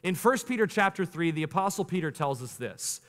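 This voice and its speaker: A man in his thirties preaches a sermon, his voice sitting a little high for a man. He is animated, leaning into slow, weighty phrases and then speeding through casual asides. A long church-hall reverb trails behind every word. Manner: animated preaching, swings between slow emphatic lines and quick asides. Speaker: pastor. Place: church sanctuary.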